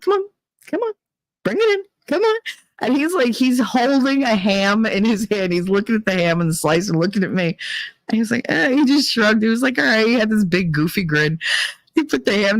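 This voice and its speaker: A woman with a mid-range voice hosts a podcast at a brisk pace, with no echo. In her casual storytelling monologue she chats animatedly, laughs, swears freely, and squeals out acted quotes.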